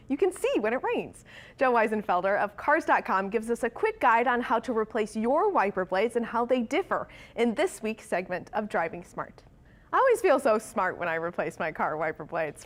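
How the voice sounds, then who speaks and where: Upbeat woman news anchor. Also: a little high. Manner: upbeat, playful between stories. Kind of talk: scripted news reading with banter.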